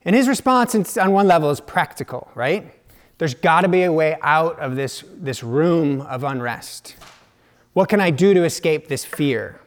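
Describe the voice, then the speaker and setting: A man preaching a sermon in a slow, reflective way, dropping now and then to hushed asides. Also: on the high side, lively intonation.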